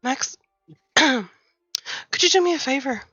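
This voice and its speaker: Woman, tabletop player, courteous in-character talk, bright tone, dull dry mic. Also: sits high, animated, slow, no echo, soft background music. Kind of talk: tabletop role-play.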